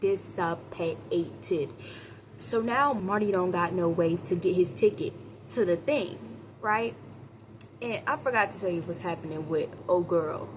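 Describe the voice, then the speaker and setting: A woman giving a casual, animated movie review, chatting with viewers and acting out characters' lines in quick voices. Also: lowish voice, slight background noise, low-quality recording. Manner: chatty, addresses viewers as y'all.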